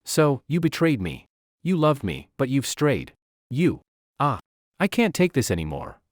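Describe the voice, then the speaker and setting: A man voicing an obsessive young female vampire, clingy and menacing, in a lively, dry recording. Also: medium pitch, a little slow, dry recording, pitched above the performer's own voice. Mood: possessive. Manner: clingy, then coldly possessive.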